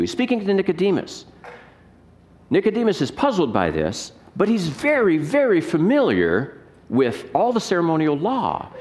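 A man's voice: a little high, a little mellow. Guy pastor preaching, voice leaps up and down a lot, asks the crowd questions. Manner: emphatic, rhetorical questions, reads scripture aloud. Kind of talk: sermon.

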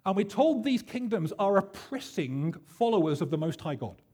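A pastor delivering a sermon in a chatty, self-deprecating storytelling way, with plenty of fillers. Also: male voice, high voice, sing-song, normal speed, warm tone.

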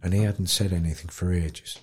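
A man telling a moving story in an interview, acting out other people's voices and dropping to a hush at tender moments. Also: sits low, moderate pace, husky. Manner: animated storyteller, acts out voices, drops to quiet. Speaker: guest, dementia campaigner. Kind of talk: storytelling in conversation.

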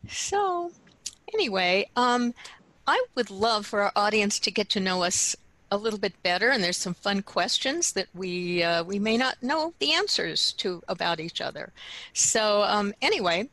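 A woman co-hosting a casual chat show, talking in a relaxed way with soft laughs and fillers. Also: mid-range voice, a little slow, dry recording, rough recording. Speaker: co-host.

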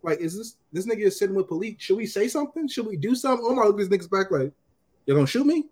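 A man hosting a casual podcast, retelling scenes and acting out the characters' lines in an animated way. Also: high-pitched, very fast, husky. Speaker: podcast host recapping a TV episode. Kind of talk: casual chat.

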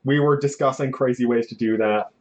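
A man's voice: mid-range voice, steady tone, fairly quick, darkish tone. A man playing a tabletop game, dry and matter-of-fact. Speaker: player. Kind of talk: casual tabletop play. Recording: dull lo-fi sound with faint noise.

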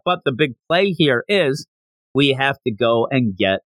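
A man hosting a podcast, recapping a comic in animated casual storytelling. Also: medium pitch, unhurried, dry recording. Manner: animated storytelling, slipping into character voices. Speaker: podcast host.

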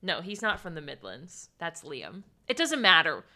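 A young woman co-hosting a casual chat, talking fast and emphatically like a devoted fan. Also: on the low side, huge pitch swings, pushed and bright. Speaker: podcast co-host.

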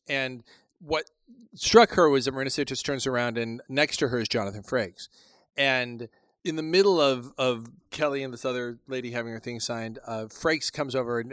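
A man's voice: medium pitch, fairly bright tone, dry recording, studio quality. A man co-hosting a podcast in casual chat, telling stories in a rambling way and often cutting himself off. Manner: rambling, self-interrupting storyteller. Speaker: podcast co-host.

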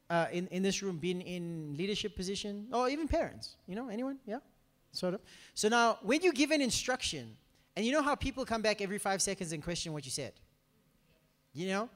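A man preaching a sermon in a hall, animatedly acting out dialogue and asking the room questions. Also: high voice. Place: church hall. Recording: long hall reverb.

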